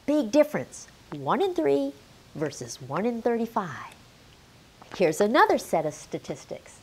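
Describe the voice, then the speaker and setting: A middle-aged woman gives a health lesson to camera, leaning hard on key words as she quizzes her viewers. She talks slowly, and her pitch swings widely up and down. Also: big pitch swings, darkish tone, breathy edge. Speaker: menopause health educator.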